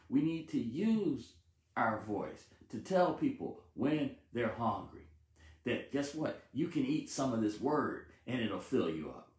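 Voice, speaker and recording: A man's voice: medium pitch, a little mellow, reverberant. A married man preaching a sermon, repeating phrases with emphasis and stumbling over words now and then. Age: adult, married with family. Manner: repetitive, emphatic call-and-response preaching with stumbles.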